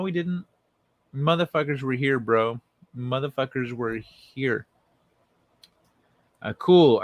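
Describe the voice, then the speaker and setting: A man's voice: medium pitch, no room sound. A man from Central America hosting a livestream, chatting casually and laid-back with viewers, often chuckling and swearing. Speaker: livestream host.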